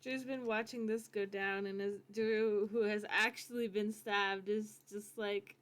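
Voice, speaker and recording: A woman's voice: mid-range voice, fairly even intonation, a little slow, fairly bright tone, smooth. A woman playing in a tabletop game, describing her character in the third person and giggling often. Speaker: player. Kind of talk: casual tabletop role-play.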